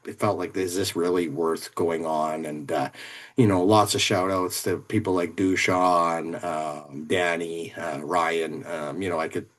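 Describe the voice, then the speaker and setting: A man's voice: low-pitched, steady tone, unhurried, a bit bright. A man who runs a fantasy football league, giving a heartfelt thank-you and stopping often on fillers. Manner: hesitant, many fillers.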